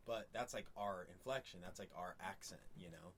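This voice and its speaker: A man in relaxed casual chat, speaking loosely with lots of "like". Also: low voice, moderate pace, a little hiss or hum. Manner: relaxed, laid-back, peppered with "like".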